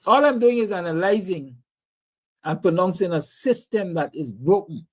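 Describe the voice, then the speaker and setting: A man's voice: high voice, lively intonation, moderate pace. A man with a Guyanese accent hosting a livestream, giving impassioned, preachy political commentary and answering viewer comments. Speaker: livestream host.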